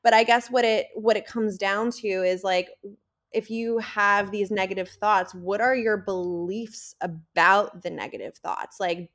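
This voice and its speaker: A woman's voice: medium pitch, fairly even intonation, measured pace, fairly bright tone. A woman with a New Jersey accent, a guest coach explaining ideas in casual, filler-heavy talk. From New Jersey, USA. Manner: rambling, filler-heavy, laughs easily. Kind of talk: casual interview chat.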